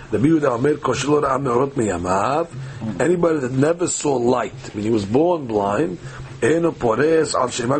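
A man of middle pitch leads a daily Talmud class. He reads the text out and explains it in short, halting phrases, full of "uh". A faint room hum sits under his voice. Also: darkish tone. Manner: reads text aloud and translates phrase by phrase, hesitant fillers. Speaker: Talmud teacher.

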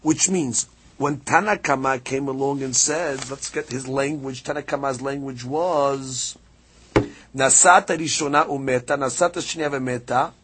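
In a mid-range voice at a moderate pace, a man leads a Talmud lesson, moving back and forth over a passage and reading Aramaic lines between English explanations. His delivery is animated with sharp rises on key points, and there's slight background noise.

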